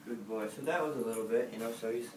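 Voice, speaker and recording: A dog trainer talks his way through a session in a loose, rambling way, dropping plenty of fillers as he goes. He sounds like a man standing some distance from the camera in an echoey room. Animal sounds and a steady noise sit behind him. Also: medium pitch, fast. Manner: relaxed, rambling, with many fillers. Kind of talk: casual explaining to camera while training. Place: indoor dog facility.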